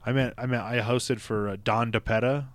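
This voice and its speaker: A man's voice: mid-range voice, normal speed, slight background noise. A young adult man from Nebraska, a stand-up comedian telling stories in a casual, profane podcast chat. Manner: profane, animated storytelling. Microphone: close podcast mic.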